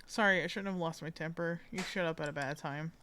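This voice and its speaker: A woman's voice: low voice, a little fast, sharp tone, a little hiss or hum. A woman reading as a grumpy overworked young engineer. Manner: irritable, defensive, tired.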